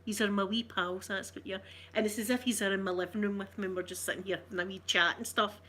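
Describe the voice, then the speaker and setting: Scottish woman blethering away to her stream chat, rambly and cheeky, middle pitch. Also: steady tone, quick pace, bright, forceful tone, a little hiss or hum. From Scotland. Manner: rambling, chatty and self-teasing. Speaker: ASMR streamer chatting with viewers. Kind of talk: casual livestream chat.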